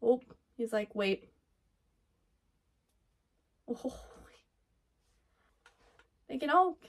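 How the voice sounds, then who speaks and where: A woman hosting an anime reaction, talking excitedly over what she watches, gasping, laughing and swearing. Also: sits high, a little slow. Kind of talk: live reaction commentary.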